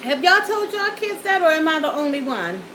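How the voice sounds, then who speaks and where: A woman's voice: sits high, very animated, moderate pace, fairly bright tone, slight background noise, poor audio. A woman vlogger chatting folksily to her viewers while eating, at home in front of a backdrop and studio lights. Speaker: mukbang vlogger.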